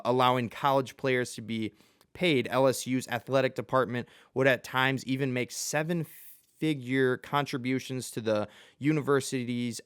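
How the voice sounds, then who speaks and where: A man's voice: mid-range voice, a bit bright, clear, resonant tone, no echo, studio quality. A man hosting a sports show with casual, rambling commentary. He is self-deprecating and chuckles in the middle of sentences.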